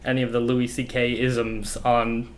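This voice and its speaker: A man's voice: medium pitch, monotone, a little slow, a little hiss or hum. A man in his late twenties giving wry, self-critical commentary on his old stand-up set. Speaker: comedian reacting to old footage. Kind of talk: casual commentary.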